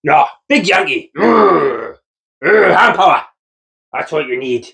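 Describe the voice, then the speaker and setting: A man's voice: a little high, big pitch swings, slow, gravelly, bright, forceful tone, slightly rough. A Geordie man from North East England, a builder vlogger giving a jokey, mock-dramatic monologue to camera, teasing and swearing casually.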